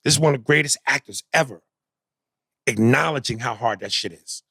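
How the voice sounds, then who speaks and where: A man co-hosting a podcast in casual chat, animated, swinging from loud outbursts to low mutters. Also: brisk, slightly rough, no echo, studio quality. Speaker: podcast co-host.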